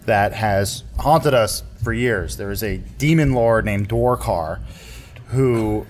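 A man speaking in character at a tabletop game, halting and conspiratorial with frequent stammers. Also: fairly low pitch, soft background music. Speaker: player. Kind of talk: in-character tabletop role-play.

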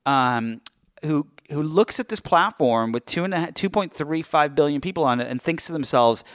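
A man hosting a podcast, chatting casually and joking at his own expense, often trailing off softly at the end of a thought. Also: a little high, expressive, normal speed, no room sound, clean studio sound. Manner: chatty, self-deprecating, trails off softly at ends. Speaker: podcast host.

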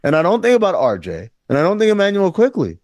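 Male co-host, lively and sarcastic, somewhat high voice, dry studio sound. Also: quick pace, dry recording. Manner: animated, sarcastic, acts out quotes in mock voices. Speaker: podcast co-host. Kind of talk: casual sports talk.

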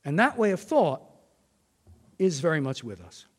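An older man giving a formal prepared lecture, measured, reading quotations with emphasis. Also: a little high, sing-song. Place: lecture hall. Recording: long reverb of a lecture hall.

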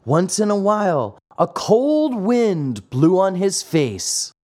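Expressive male storybook reader. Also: sits high, slow. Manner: expressive, dramatic. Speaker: narrator. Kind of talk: storybook reading.

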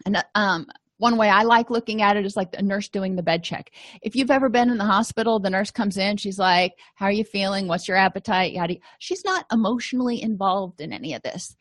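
A woman's voice: mid-range voice, lively intonation, brisk, dry recording. A woman counselor giving a conversational lecture, explaining ideas with everyday examples. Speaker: counselor and educator. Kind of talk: lecture-style teaching.

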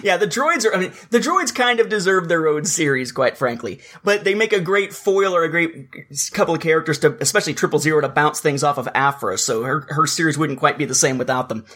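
A man's voice: a little high, expressive, a little fast, few pauses, bright, forceful tone. A man co-hosting a casual podcast, chatting about a comic book and reading its dialogue aloud with a bit of acting. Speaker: podcast co-host.

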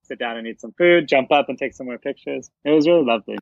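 A man's voice: medium pitch, fast, vocal fry, no echo, phone-quality sound. A man chatting casually as a podcast guest, easygoing and laughing along. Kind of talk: casual chat.

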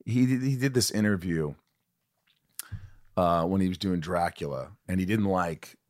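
A man's voice: sits low, unhurried. A man with an American accent, a podcast host asking playful, teasing questions. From United States. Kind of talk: casual interview chat.

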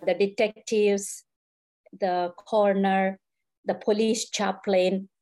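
A woman's voice: medium pitch, flat delivery, slow, mellow. Middle-aged woman recounting an emotional ordeal. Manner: earnest, retells events by quoting what people said. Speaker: interviewee, grieving mother. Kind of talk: emotional personal account.

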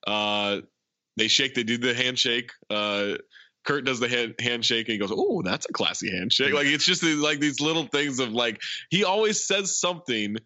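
Man, bright voice, casual movie recap, animated retelling, lots of fillers, dry dull sound. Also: mid-range voice, normal speed, dry recording. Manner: animated retelling, frequent laughs and filler words. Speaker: podcast co-host.

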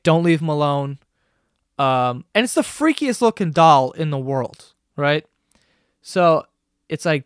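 A young man with a fairly high voice rants on his own podcast, swearing often and jumping between asides. The sound is close and dry, with no room around it. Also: clear, resonant tone, no room sound. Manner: profane, rambling, animated retelling. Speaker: podcast host. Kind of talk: solo comedic rant.

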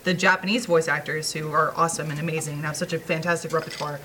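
A woman co-hosting a casual chat, talking quickly and enthusiastically. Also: low-pitched, level tone, heavy background noise. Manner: quick, enthusiastic, laughs easily. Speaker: podcast co-host and voice actress.

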